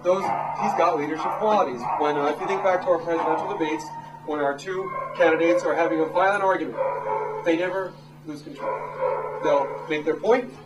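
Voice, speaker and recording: A man in his thirties, a dog trainer, giving a casual, animated talk to a live audience. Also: fairly high pitch, a little fast, dull audio, loud music behind the voice. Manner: animated, acts out quotes in raised voices. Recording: echoey room from far off, noisy.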